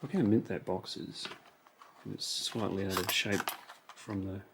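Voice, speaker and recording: A man's voice: low-pitched, fairly even intonation, a little slow, creaky, background noise. A man chatting casually to himself while unboxing toy cars, musing over each one. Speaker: toy car collector. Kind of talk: relaxed unboxing commentary.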